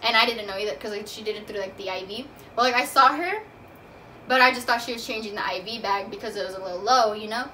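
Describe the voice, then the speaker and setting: Here a young woman talks quickly in a mid-range voice that's bright and forceful, sharing a personal story on her vlog. It's casual, rambling talk full of "like" fillers. Mic placement is distant, picking up faint room noise.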